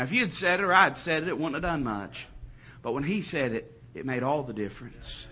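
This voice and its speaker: A man preaching a sermon, dropping to quiet tones and rising to loud, drawn-out exclamations. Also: on the high side, animated, dull audio.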